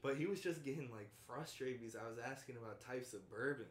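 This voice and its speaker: A man's voice: medium pitch, fast. Guy, co-host, exasperated tale-teller, room echo and light hiss. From Kentucky. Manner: exasperated, profane storyteller. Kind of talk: casual storytelling chat. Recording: echoey room with faint background hum.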